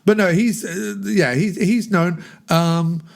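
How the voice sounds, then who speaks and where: A man's voice: high voice, fairly even intonation, slow, creaky. A man chatting casually about a film, digressive and laughing at his own jokes. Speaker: podcast film discussion guest.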